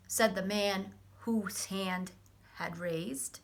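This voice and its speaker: A guest reader, a woman, reading a children's storybook aloud slowly and expressively. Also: mid-range voice, animated, pushed and bright.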